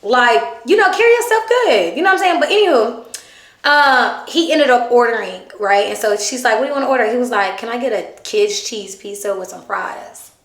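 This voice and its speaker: A woman vlogger telling a dating story in casual chat, animated, dropping her voice low to quote her date. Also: brisk. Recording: echoey room.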